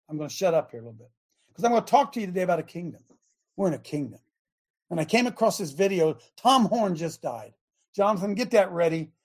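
A middle-aged man hosting a radio show, teaching from the Bible in a chatty, emphatic sermon style, talking straight to his listeners and producer. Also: high-pitched. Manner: emphatic, rising to near shouts when quoting scripture. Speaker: radio show host and preacher.

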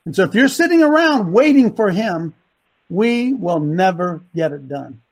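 A man hosting a men's ministry group, preaching an emphatic rant that repeats lines for stress and rises to shouts. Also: sits high, very animated, unhurried, low-quality recording.

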